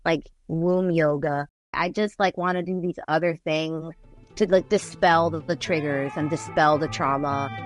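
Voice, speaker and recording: A woman's voice: deep voice, steady tone, unhurried, soft background music. Candid, rambling woman guest in her forties. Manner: candid, rambling, heavy use of "like". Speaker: guest artist and musician. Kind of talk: casual interview conversation.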